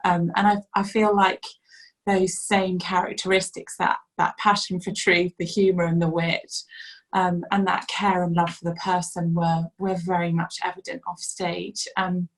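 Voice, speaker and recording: A woman speaking as a guest on a podcast, giving measured, reflective recollections. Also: lowish voice, flat delivery, poor audio. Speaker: ministry leader, guest. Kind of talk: podcast conversation.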